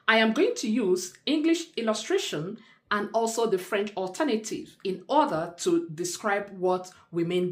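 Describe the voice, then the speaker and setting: A woman tutor walks through a French grammar lesson at an unhurried pace, carefully pairing each word with its meaning. Her pitch moves up and down a lot as she stresses points. The sound has a noticeable roomy echo. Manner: slow, deliberate teaching delivery, spelling out word pairs. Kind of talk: explanatory language lesson.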